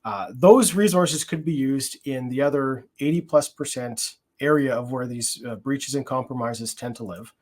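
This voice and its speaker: A man's voice: medium pitch, moderate pace, few pauses, darkish tone. A man working in product security, explaining his approach in a conference conversation, with frequent fillers and restarts.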